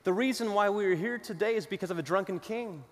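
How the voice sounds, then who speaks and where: A man preaching a sermon, telling a story with dramatic pauses and moving between loud declarations and hushed asides. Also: sits high. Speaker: pastor. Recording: long hall reverb.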